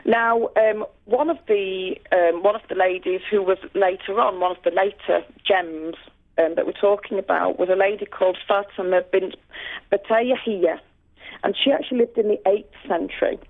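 A woman's voice: mid-range voice, fairly even intonation, normal speed. A woman calls in to a radio show and tells her stories with real earnest passion, stumbling and restarting as she goes. Her voice comes through a thin, tinny phone line. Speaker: radio guest speaker. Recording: phone-line call-in audio.

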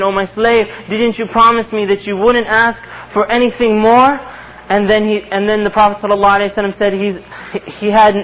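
High-voiced man preaching a sermon. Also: dull audio. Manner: earnest storytelling, acting out dialogue.

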